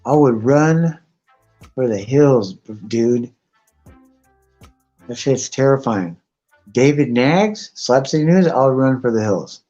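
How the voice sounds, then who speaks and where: A man's voice: mid-range voice, animated, takes it slowly, pauses often, warm tone. A man chats loosely on a live stream, cussing nearly every sentence as he rambles from one thought to the next. The audio is dull and lo-fi, with faint music playing underneath. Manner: profane, rambling, swears constantly. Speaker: guest on a live stream chat. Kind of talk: casual rambling chat.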